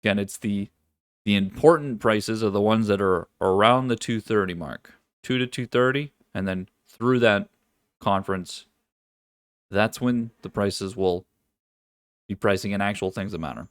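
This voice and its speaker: A man with a fairly low voice and a dry, close sound talks through market analysis on a live trading stream. He is casual and loose, swears now and then, and keeps restarting his sentences as he thinks aloud. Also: unhurried, no room sound.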